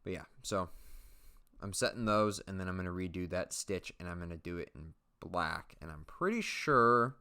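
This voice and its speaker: A man's voice: low-pitched, fairly even intonation, moderate pace, fairly bright tone, clean tone. A man casually narrating his own leatherworking footage, rambling and joking at his own expense. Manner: rambling, self-mocking, jokey asides. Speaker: leatherworking channel host.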